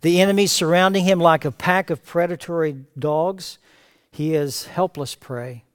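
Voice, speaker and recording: A man preaching a verse-by-verse sermon as pastor, reading scripture aloud with rising emphatic cries and then dropping to quiet asides. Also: fairly high pitch, fairly even intonation, normal speed, smooth. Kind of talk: expository sermon. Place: church sanctuary.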